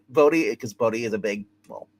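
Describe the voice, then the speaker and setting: A man casually recapping a TV episode, rambling and animated, acting out the characters' lines with plenty of swearing. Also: fairly low pitch, moderate pace, no room sound. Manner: rambling, animated retelling with acted quotes and swearing. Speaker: show host reviewing a TV episode.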